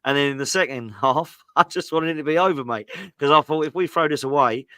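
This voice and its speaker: A man hosting a casual football show, hoarse from shouting, upbeat and chummy. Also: a little high, fairly quick, no echo. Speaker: host.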